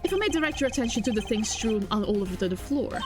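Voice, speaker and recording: A woman voicing a composed male prosecutor, speaking in a calm, measured and formal way. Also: fairly high pitch, over music, natural voice. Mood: cool.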